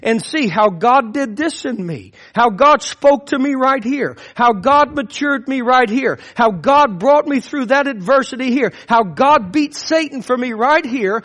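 A man's voice: extremely high pitch, animated, normal speed, a bit bright. A man preaching a sermon with impassioned, rising and falling emphasis.

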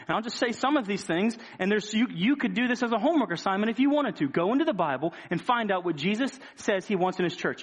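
Man, pastor, sermon, high voice, impassioned, rhetorical questions.

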